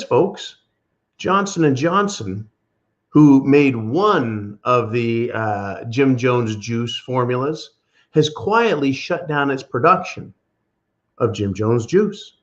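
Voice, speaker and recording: A man's voice: mid-range voice, muffled recording. A man hosting a preparedness channel, ranting sarcastically and emphatically in political commentary, often calling listeners "folks".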